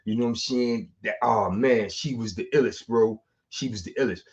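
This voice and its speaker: A man, telling street stories in a slangy, animated way. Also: medium pitch, moderate pace. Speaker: street storyteller. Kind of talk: casual storytelling monologue. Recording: dull lo-fi sound.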